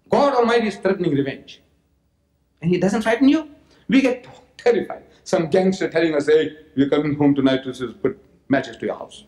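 Animated male lecturer in a roomy hall. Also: high voice, fairly quick. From South Africa. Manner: animated, mocking asides, repeats phrases. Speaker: public lecturer. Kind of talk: religious lecture to an audience.

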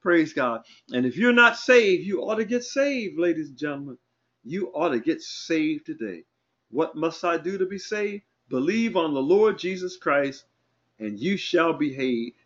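A man preaching an online sermon as pastor, fervent and rising to loud cries. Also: fairly high pitch, lo-fi sound.

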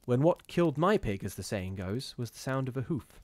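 A man reading a gothic ghost story aloud in a measured, steady storytelling manner with occasional brief restarts. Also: medium pitch, dry recording. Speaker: reader of ghost stories.

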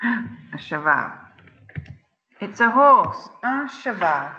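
A woman teaching children an online French lesson, saying words slowly and clearly for them to repeat, chatty and laughing at her own slips. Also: mid-range voice, big pitch swings, sharp tone, lo-fi sound, slight background noise. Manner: slow, clear drilling of words for repetition; chatty and self-mocking, exclaims at slips. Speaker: primary school teacher.

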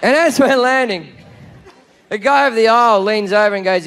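Crude, shouty Australian comedian. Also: male voice, sits high, a little fast, gravelly, smooth. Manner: crude, swearing, shouty storytelling. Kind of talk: stand-up comedy. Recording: live show with loud crowd noise.

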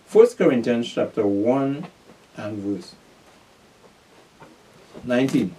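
A man's voice: medium pitch, dark tone. A male preacher teaching a sermon, reading scripture and asking and answering his own questions in street slang. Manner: repeats "pay attention", asks and answers his own questions; reads scripture aloud, then explains it in street slang. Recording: voice from far off the mic.

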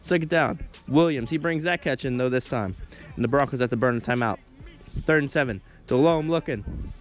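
A man's voice: medium pitch, fairly quick. A teenage boy doing play-by-play commentary over his football video game, often tripping over his words and apologizing. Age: teens. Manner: stumbles over words, self-deprecating asides. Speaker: gameplay commentator. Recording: game music in background.

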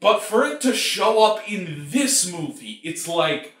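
A man's voice: high voice, very animated, slow pace, hardly any pauses, a bit bright. A man hosting a movie review show, ranting in a casual, profane, exasperated way with lots of filler words. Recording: roomy echo.

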